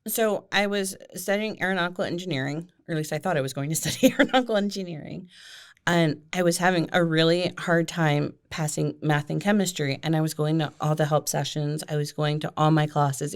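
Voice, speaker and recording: A middle-aged woman from Ohio, a guest telling school stories in a chatty, self-deprecating way, often laughing. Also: sits low. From Ohio, USA. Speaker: guest, school board member. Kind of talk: casual storytelling interview.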